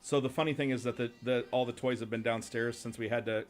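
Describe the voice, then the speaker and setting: A man's voice: mid-range voice, steady tone, fast, soft background music. A man hosting a morning radio show, chatting casually and rambling with fillers. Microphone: studio microphone.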